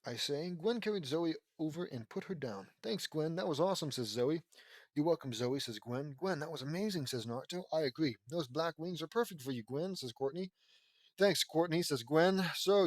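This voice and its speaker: A man reads amateur fan fiction aloud in a slightly high voice, stopping every so often to mock it. The recording is close and dry, with no room sound. His sarcastic asides sound openly irritated. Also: moderate pace, no echo. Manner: sarcastic asides, frustrated commentary. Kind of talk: mocking audiobook reading.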